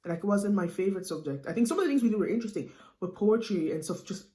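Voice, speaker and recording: A woman's voice: mid-range voice, quick pace, echoey room. A young Irish woman in her late teens, chatting casually and animatedly to camera as a student vlogger. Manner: chatty, animated, with lots of fillers like "you know what I mean".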